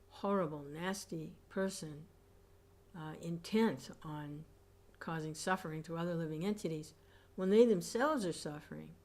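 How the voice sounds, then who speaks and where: A woman reading scripture aloud and commenting on it as a class teacher, reflective and pausing with soft hums. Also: on the low side.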